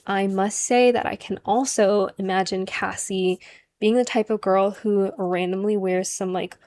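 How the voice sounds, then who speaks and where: A woman's voice: mid-range voice, steady tone, unhurried, a little mellow, no echo. A woman talking casually to the camera as a perfume vlogger, chatty and full of "like" and "um" fillers. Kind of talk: casual vlog monologue.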